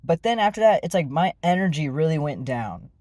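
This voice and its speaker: A man's voice: a little high, very animated, a little fast, a little mellow, dry recording, studio quality. A man telling a personal story in a casual, rambling way, with many fillers and restarts. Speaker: vlogger.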